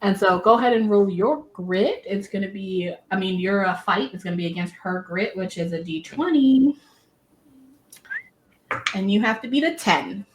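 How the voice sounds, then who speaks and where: A woman's voice: medium pitch, normal speed, a little hiss or hum. Woman, game master, tabletop narration, chatty, laughing. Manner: chatty, laughs often, many fillers.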